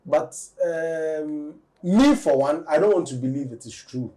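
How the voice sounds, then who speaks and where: A man, discussing entertainment news on a talk show in a measured, deliberate way. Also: a little high, expressive, warm tone. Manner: measured, deliberate, weighs both sides. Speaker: entertainment commentator.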